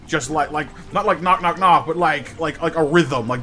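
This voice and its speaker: A man's voice: on the high side, animated, unhurried, sharp tone, faint music behind. A man streaming a game live, telling a rambling story and greeting his chat with lots of stammered restarts. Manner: chatty storyteller, repeats words when starting sentences.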